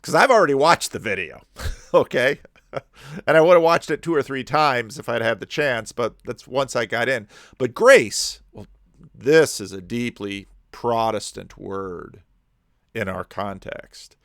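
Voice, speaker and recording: A man pausing a video to comment on it, rambling and restarting his sentences often. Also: mid-range voice, vocal fry, fairly bright tone, no room sound, studio quality. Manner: digressive, frequent restarts and repeated words.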